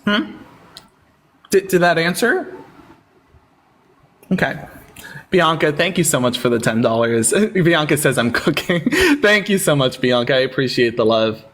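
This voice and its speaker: A man's voice: fairly high pitch, expressive, unhurried, pauses often, fairly bright tone. A man hosting a live-stream debate, sarcastic and taunting with callers, thanking viewers in casual chat. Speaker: livestream debate host.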